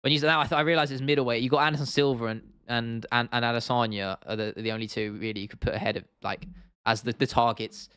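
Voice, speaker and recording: A man's voice: medium pitch, steady tone, fast talker, fairly bright tone, smooth, dry recording, studio quality. A man hosting an MMA livestream, chatting casually and answering viewer comments in a rambling, sweary way. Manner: rambling, swears freely, lots of restarts and fillers.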